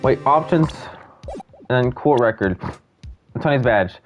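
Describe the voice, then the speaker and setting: A man's voice: mid-range voice, expressive, a little slow, lo-fi sound. A young man giving joking, slangy commentary while playing a game, with music faint behind. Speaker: gaming host. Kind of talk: casual gameplay commentary.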